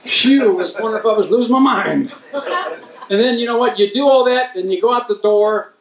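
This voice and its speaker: Casting: a man doing high-voiced Mid-comic, rambling self-mocking stand-up, roomy room. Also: normal speed, a little hiss or hum. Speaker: stand-up comedian. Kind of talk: stand-up comedy set. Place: community event room. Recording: roomy hall, mic heard from a distance.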